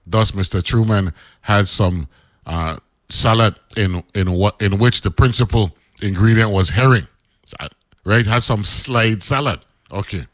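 A man's voice: on the low side, measured pace, no room sound. A man, hosting a radio show and reading an old newspaper article aloud, breaking off into loose, chatty asides.

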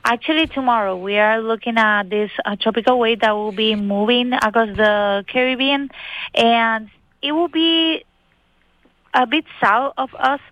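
Higher-voiced female weather forecaster on a dull line. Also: unhurried, no room sound. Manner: informative, careful, with many fillers. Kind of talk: phone-in weather briefing.

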